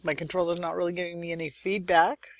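A woman's voice: fairly low pitch, flat delivery, fast talker, dry recording. A young woman hosting a let's-play, chatting and thinking aloud as she plays, with muttered asides. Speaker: gaming channel host. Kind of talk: let's-play game commentary.

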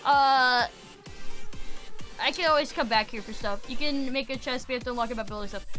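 A woman streamer giving excitable live gaming commentary to her chat, swearing and yelling when frustrated. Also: high voice, fast talker, soft background music.

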